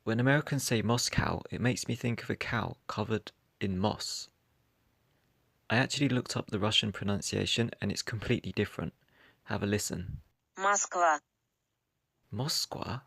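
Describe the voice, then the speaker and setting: A man's voice: fairly low pitch, vocal fry, fairly bright tone, husky, no echo. A man with a British accent talking to camera in a casual vlog, dry and wry in tone, recorded indoors in his room. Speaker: vlogger.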